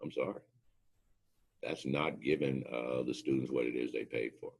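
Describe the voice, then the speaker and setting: A man's voice: a bass voice, steady tone, normal speed, gravelly, darkish tone. A man, a former drill instructor, giving an anecdotal motivational talk, telling emphatic stories and acting out what people said. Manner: emphatic storyteller, acts out quotes.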